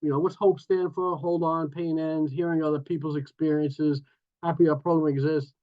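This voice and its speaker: A man's voice: on the high side, moderate pace. Guy in his 60s from new york sharing at a meeting, chatty and playful, kinda muffled lo-fi call audio. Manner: lively storytelling with playful asides. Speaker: recovery meeting speaker. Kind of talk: personal recovery share. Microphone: video call.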